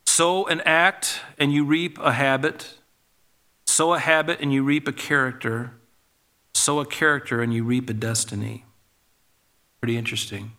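A man's voice: mid-range voice, fairly even intonation, normal speed, pauses often, pushed and bright. A male pastor preaching a sermon in a conversational way, with asides and restarts.

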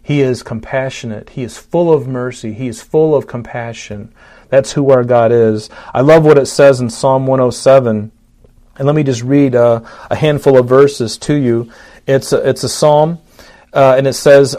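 A man delivering a sermon in a mid-range voice. He lifts his voice and pushes louder through the scripture passages, then sinks low and quiet when he appeals to the listeners, often doubling back to repeat a word. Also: normal speed. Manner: rises and swells when reading scripture aloud, drops low and soft for appeals; repeats words and restarts phrases. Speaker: pastor.

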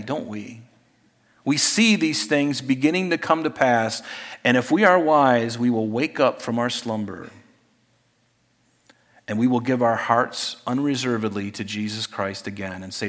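A man preaching a sermon as pastor, conversational, dropping to hushed asides and rising to emphatic points. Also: on the high side, animated, unhurried. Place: church sanctuary. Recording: long hall reverb.

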